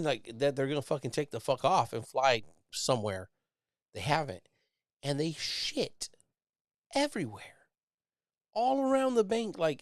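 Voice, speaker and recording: A man's voice: mid-range voice, no room sound, clean studio sound. A man, telling a rambling, profane story on his live show and mimicking neighbors in raised voices.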